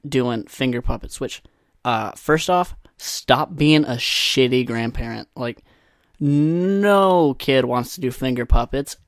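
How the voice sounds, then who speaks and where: In clean, echo-free studio audio, a young male podcaster with a mid-range voice rants by himself. He's comically fed up, cursing freely and mimicking people in mocking voices.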